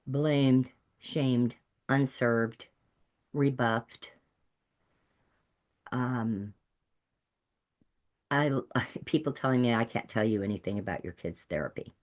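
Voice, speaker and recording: A woman's voice: extremely low pitch, muffled recording. A middle-aged woman from Texas, a peer support specialist, giving an earnest and emphatic personal testimony. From Texas, USA.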